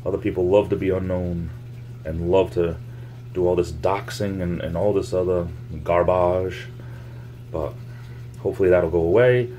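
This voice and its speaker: A man's voice: sits low, fairly even intonation, moderate pace, long pauses, warm tone, slight background noise. A man vlogging casually from home, rambling in a meandering way, repeating his phrases and making up words as he goes. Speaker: YouTube vlogger. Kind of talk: casual rambling monologue to camera. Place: home, near the laundry.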